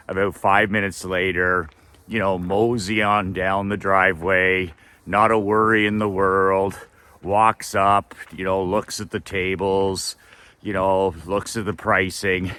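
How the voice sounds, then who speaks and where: A middle-aged man telling a personal story in a relaxed way, with fillers and laughs. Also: low-pitched, slow pace. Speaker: business coach. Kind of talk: casual storytelling.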